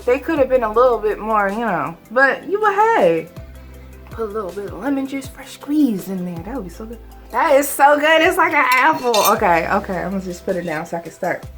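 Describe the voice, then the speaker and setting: A middle-aged woman tells a cake-decorating story in a chatty, bubbly way at home. Her voice sits at an ordinary pitch for a woman but leaps up high in excited exclamations. Faint music plays underneath. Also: fairly quick. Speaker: cake decorator and channel host. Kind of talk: casual storytime vlog.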